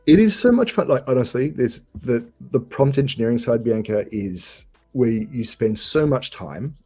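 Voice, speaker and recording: Relaxed Australian guy talking tech. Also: medium pitch, normal speed, slightly rough, faint music behind. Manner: relaxed, hesitant, many fillers. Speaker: guest developer. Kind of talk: casual tech chat.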